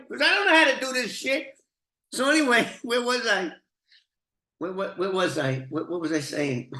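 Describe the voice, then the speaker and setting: A man's voice: high voice, normal speed, bright, forceful tone. An older man telling a rambling, profane story with frequent laughs. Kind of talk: casual storytelling. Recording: roomy echo.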